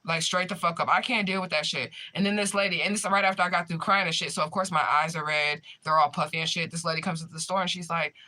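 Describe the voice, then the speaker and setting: Bright-voiced young woman swearing through a rant. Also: lowish voice, steady tone, fast, hardly any pauses. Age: young adult. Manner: profane, emphatic storytelling. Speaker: spiritual medium streamer. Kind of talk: casual chat with viewers.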